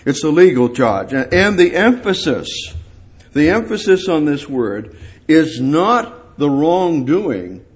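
Delivering a sermon in halting fashion, a man repeats phrases to drive points home, climbing in pitch on important words and then sinking low, all with great animation.

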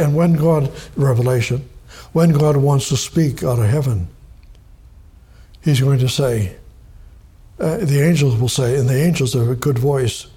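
Preacher, male, husky and fairly high-pitched, emphatic and repetitive delivery. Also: a little mellow. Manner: emphatic, repeats key words. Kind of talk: sermon, Bible study.

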